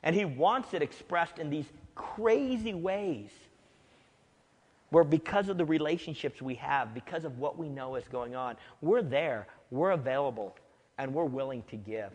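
A man preaching a sermon as pastor, emphatic, dropping to a hush and rising to loud peaks. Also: fairly high pitch, lively intonation, a little slow. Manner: emphatic, swings from hushed to loud. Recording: long hall reverb.

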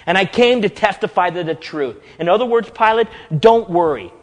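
A man's voice: high-pitched, expressive, moderate pace, in a large hall. A man preaching a sermon as pastor, dramatically acting out quoted dialogue with big swings in volume.

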